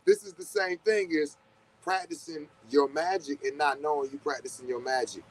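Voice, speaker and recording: A man's voice: fairly high pitch, sing-song, moderate pace, creaky, low-quality recording. Laid-back man in casual spiritual talk. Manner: loose, conversational, swears often, acts out quoted reactions. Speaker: podcast host.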